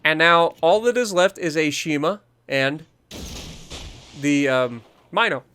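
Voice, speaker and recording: A man's voice: fairly high pitch, expressive, takes it slowly, sharp tone, clean tone. Man coaching through a naval game match. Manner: explanatory, coaching, repeats key points. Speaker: gaming channel host. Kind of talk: gameplay commentary over recorded match.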